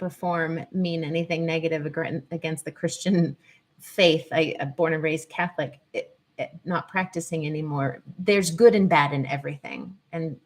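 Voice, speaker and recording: Chatty woman teaching on a livestream. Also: low-pitched. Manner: chatty, digressive, greets viewers mid-talk. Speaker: host and teacher on the nervous system. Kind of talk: live-stream teaching talk. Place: at home in Colorado.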